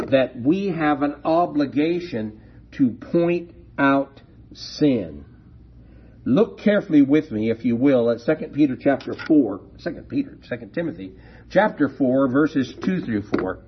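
A man preaching a sermon, slow and deliberate, leaning hard on key words. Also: mid-range voice, lively intonation, a little hiss or hum. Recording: dull lo-fi recording.

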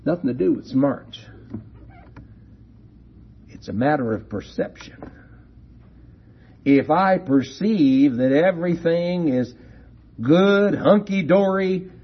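A man preaching a sermon, slow and deliberate, leaning hard on key words. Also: a little high, expressive, slightly rough. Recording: dull lo-fi recording.

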